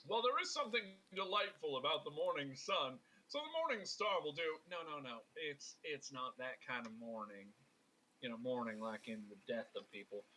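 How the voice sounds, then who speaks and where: A man voicing Sir Brightwater, a cheerful, slightly pompous knight in a tabletop role-play game. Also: a little high, very animated, normal speed, slight background noise, rough recording. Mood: cheery. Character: eccentric upbeat adult male knight, Sir Brightwater.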